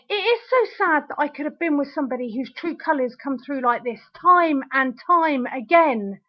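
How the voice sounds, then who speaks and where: A woman's voice: high voice, lively intonation, normal speed. A young woman recording an angry video diary at home, ranting, sarcastic and swearing, close to tears at times. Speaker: video diarist. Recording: dull lo-fi webcam audio.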